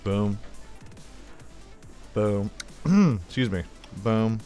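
Rambling, joking man with a low voice. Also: expressive, very slow, warm tone, soft background music. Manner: rambling, jokey storytelling with playful sound effects. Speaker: let's play host. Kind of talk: casual gameplay chat. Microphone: desk microphone.

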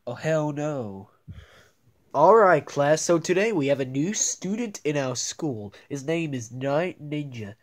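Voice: expressive, unhurried. Voice performer hopping between many cartoonish characters. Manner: switches between many squeaky and gruff character voices, crude and bickering. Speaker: toy puppet show creator voicing every character. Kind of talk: improvised comedic toy skit.

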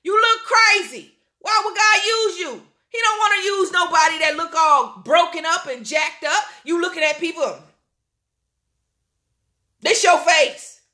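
Woman preacher, very high and bright voice, fervent sermon with playful asides. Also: moderate pace, hardly any pauses. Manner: fervent, shouting and laughing, goofy asides. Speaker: pastor.

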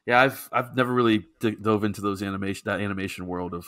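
A man co-hosts a comedy podcast, his fairly low voice fast and slightly bright. He chats loosely and casually, swearing a lot.

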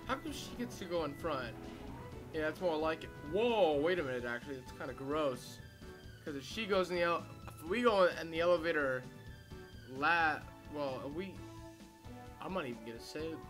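Young man, let's play commentary, rambling and joking, slightly high voice, loud game music. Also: animated, normal speed. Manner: rambling, joking, crude asides. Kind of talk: casual gameplay commentary.

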